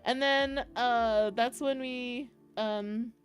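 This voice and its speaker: Speaking extremely slowly in a steady, fairly high voice, a young woman recounts a meetup to her stream chat, with faint music behind her. She's emotional and giggly, frequently close to tears or laughter, and rambles with restarts.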